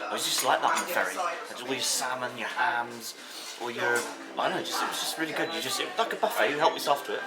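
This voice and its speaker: A man's voice: mid-range voice, animated, quick pace, loud music behind the voice. A man vlogging over afternoon tea in a hotel dining room, chatting and rambling enthusiastically about the food. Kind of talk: casual chat reviewing food.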